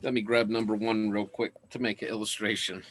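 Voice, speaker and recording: A man's voice: on the low side, level tone, fairly quick. A man teaching in a casual lecture, enthusiastic and laughing often as he talks.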